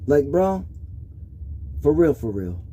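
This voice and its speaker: A man's voice: on the high side, big pitch swings, slow pace, mellow, a little hiss or hum. A middle-aged man giving a casual tarot reading monologue, emotional and confiding, often checking in with "okay?". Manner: emotional, confiding, repetitive with frequent "okay?" asides. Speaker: tarot reader.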